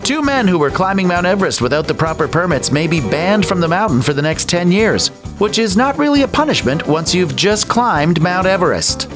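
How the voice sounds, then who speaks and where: A man hosting a satirical comedy news show, delivering scripted jokes in a wry, deadpan way. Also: high voice, brisk, few pauses, over music.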